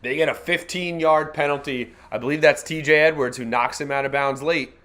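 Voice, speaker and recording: Slightly high and a bit bright, a man's voice carries a live fan reaction stream as he calls the game play by play, wisecracking in slang and correcting himself quickly.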